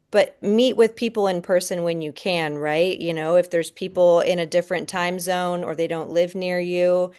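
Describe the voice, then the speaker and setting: A woman's voice: lowish voice, a little mellow, clear, resonant tone. A woman leading a team video call, coaching and encouraging her team members in an upbeat way.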